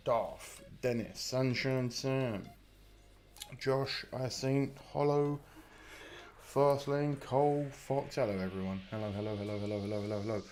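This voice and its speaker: A man's voice: mid-range voice, measured pace, a little mellow, soft background music. A British man hosting a live stream, chatting casually, greeting viewers by name and apologising for his mic volume while in some pain from a muscle injury. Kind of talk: casual live-stream chat reading comments. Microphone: close desk mic.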